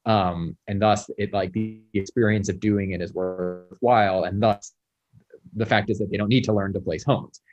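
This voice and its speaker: A man's voice: fairly low pitch, fairly even intonation, moderate pace, darkish tone. A man who is a postdoctoral researcher, explaining lab work in casual conversation in a wry way. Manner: explanatory, wry, many fillers.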